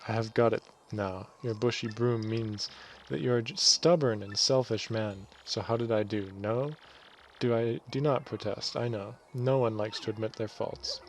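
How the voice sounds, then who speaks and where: A man's voice: on the low side, steady tone, normal speed, a little hiss or hum, close to an everyday voice. Pompous male bob-omb, mustache reader, theatrical broken English, video game voice, done by a man.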